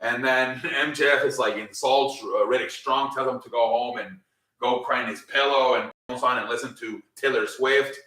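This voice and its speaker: A man talks through last night's wrestling in a loose, rambling way, full of "um" and casual swearing. His voice is bright and forceful. He sits back from the mic in a roomy space, so his words echo. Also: medium pitch, fairly even intonation, normal speed, recorded from a distance. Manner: rambling, filler-heavy, swears freely. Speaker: wrestling show recap host. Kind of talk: casual spoken recap.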